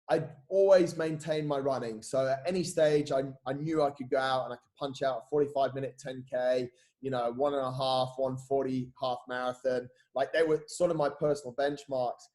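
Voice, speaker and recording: Bloke on a podcast, lively storytelling, swears a lot, voice sits a little high. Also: male voice. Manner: animated, swears freely, says "mate" a lot. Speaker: podcast guest, coach. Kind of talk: casual storytelling chat.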